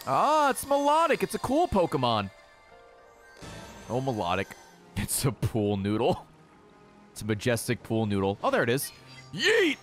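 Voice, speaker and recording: American man, gameplay commentary, wildly swooping pitch, joking, music underneath. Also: normal speed, pauses often. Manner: excitable, joking, talks to the game creatures. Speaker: gaming video creator.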